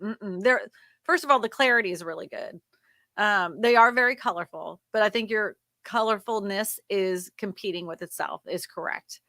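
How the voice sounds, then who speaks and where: On a casual livestream, a woman co-hosting offers thumbnail feedback with a direct, coaching delivery and quick asides. Her mid-range voice has a bright, forceful tone. The audio is close and dry, with little echo from the room.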